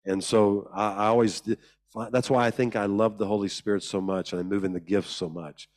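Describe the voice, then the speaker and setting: A man preaching in a church hall with a slightly low voice. He tells his stories with humour and mimics the people in them. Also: steady tone, a little fast, a little mellow. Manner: humorous, acts out the people he quotes in higher voices. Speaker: guest preacher. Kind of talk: storytelling sermon.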